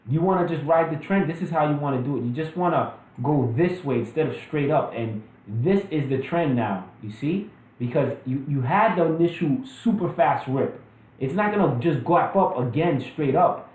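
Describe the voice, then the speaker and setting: A man's voice: fairly high pitch, darkish tone, echoey room, poor audio. A man casually walking through stock charts in a trading lesson, loose and full of fillers and restarts. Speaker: trading educator. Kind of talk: screen-share stock chart walkthrough.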